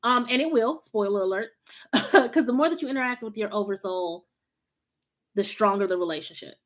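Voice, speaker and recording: A woman with a Southern country drawl talks casually to viewers on a live stream. Her voice sits a little high, and her delivery is loose and slangy, with laughs scattered through it. She grew up in Los Angeles, yet the drawl comes through thick. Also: normal speed. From Los Angeles, USA. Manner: chatty and informal, slangy, laughs often. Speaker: host of a spiritual live stream.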